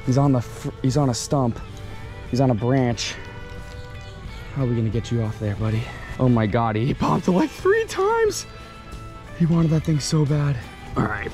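An excitable young man narrates his fishing trip outdoors by a canal, talking straight to his action camera in an ordinary mid-pitched voice. Faint music sits under the outdoor sound. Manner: excitable, exclaims often, talks to the camera. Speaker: fishing vlogger.

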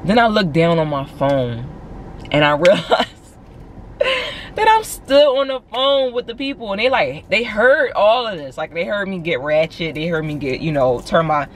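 A young woman from Philadelphia with a Philly accent, telling a story in a casual, animated vlog from her car and saying "like" a lot. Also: on the low side, normal speed, a little hiss or hum. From Philadelphia, USA. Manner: animated, chatty, heavy use of "like". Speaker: vlogger.

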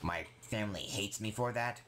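A young man rambling casually in a vlog, excitable and full of fillers. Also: on the low side, moderate pace, a little hiss or hum. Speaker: gaming vlogger.

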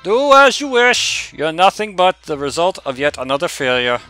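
A man putting on a lofty, high cold overseer. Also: very animated, normal speed, pushed and bright, faint music behind, rough recording. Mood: aloof.

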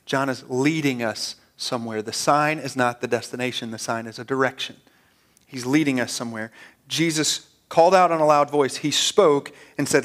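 A man preaches a sermon as a pastor, his voice mid-range, fairly bright, and at a normal speed. He comes across earnest and conversational, often repeating words as he restarts.

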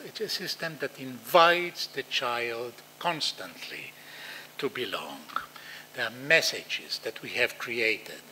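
Older male lecturer, Israeli accent; lively, bright delivery. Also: mid-range voice, slight background noise, low-quality recording. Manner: animated, acts out quoted voices, non-native phrasing. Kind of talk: lecture to practitioners.

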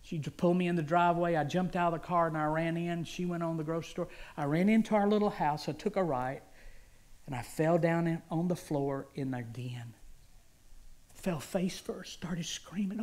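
A male guest preacher giving a sermon testimony, telling it dramatically and swinging from hushed whispers to loud cries. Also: fairly high pitch, normal speed.

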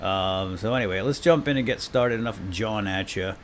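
This man hosts a let's play on his gaming channel, his voice fairly low and his pace brisk, with a little hiss or hum in the audio. He chats casually with viewers, pokes fun at himself, and occasionally barks loud mock orders at his crew.

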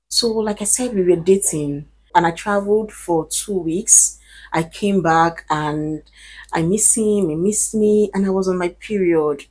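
Female vlogger, lower pitch, husky; earnest, emphatic advice to camera. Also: measured pace, a little mellow. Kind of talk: casual advice talk to camera.

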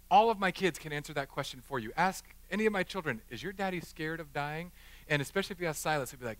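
Middle-aged male pastor, funny and animated, preaching with a forceful, bright tone. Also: high voice, fast, dry recording. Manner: animated, joking, acts out the people in his stories. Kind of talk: sermon with storytelling. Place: church chapel.

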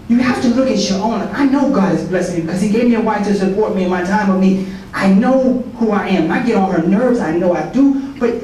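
A man's voice: high-pitched, brisk, darkish tone. A man who is a soldier gives a colloquial, conversational testimony sermon at a prayer breakfast. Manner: colloquial and conversational, with repeated words and asides. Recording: very echoey hall, voice from far off, faint noise.

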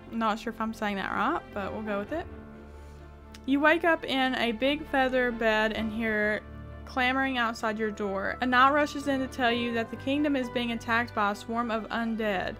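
A woman's voice: a little high, normal speed, music in the background. A woman gaming YouTuber reading a text adventure aloud and reacting with frequent laughter, swearing and exclamations of disbelief.

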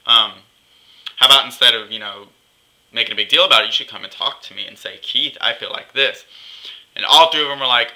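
A man's voice: mid-range voice, fast, bright, forceful tone, low-quality recording. A young man vlogging in a chatty, gossipy way, acting out what others said. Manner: chatty, gossipy, acts out quotes. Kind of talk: casual vlog rant.

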